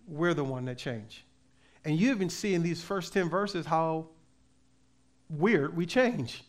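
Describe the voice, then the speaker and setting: Emphatic preaching man, slightly high voice. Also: expressive. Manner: emphatic preaching, swinging between loud and soft; reads scripture aloud slowly. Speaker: pastor. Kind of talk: sermon.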